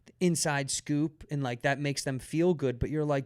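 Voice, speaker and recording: A man hosting a podcast, telling stories in a rambling, animated way with many restarts. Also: on the high side, normal speed, clear, resonant tone, no room sound, clean studio sound. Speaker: podcast host. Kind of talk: casual chat.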